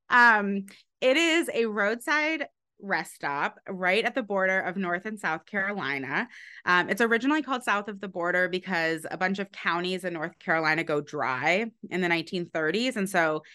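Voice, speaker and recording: Lowish-voiced woman explaining her research. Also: sharp tone. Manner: explanatory, frequent ums and restarts, laughs lightly. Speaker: author being interviewed. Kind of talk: conversational academic interview.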